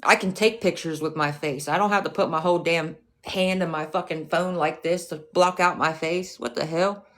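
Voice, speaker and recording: A woman's voice: on the low side, fairly even intonation, moderate pace, few pauses, fairly bright tone. A woman livestreaming, ranting at a rival and her chat in a profane, confrontational way, with mocking, scornful asides.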